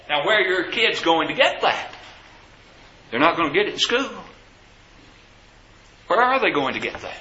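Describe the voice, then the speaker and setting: A man's voice: on the high side, big pitch swings, normal speed, pauses often, sharp tone, reverberant, dull audio. A man preaching a sermon to his congregation, asking rhetorical questions with emphasis.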